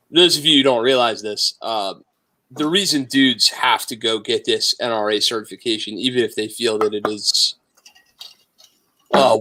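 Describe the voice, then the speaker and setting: A man's voice: fairly low pitch, bright, forceful tone. A man hosting a casual podcast, talking bluntly and emphatically, with plenty of swearing. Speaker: podcast host.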